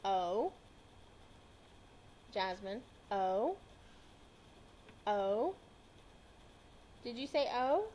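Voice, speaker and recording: A woman's voice: mid-range voice, very animated, very slow, long pauses, dark tone, rough recording. A woman, playing grandmother to a toddler at home, coaxes her to repeat words in a sing-song way and laughs often. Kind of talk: playful talk to a small child. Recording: home video with background noise.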